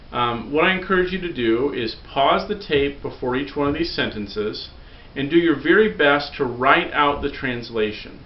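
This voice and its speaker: A man's voice: mid-range voice, a little hiss or hum. Patient man teaching in a roomy, dull recording. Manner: patient, drills forms aloud for repetition. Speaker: Greek teacher. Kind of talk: recorded lesson.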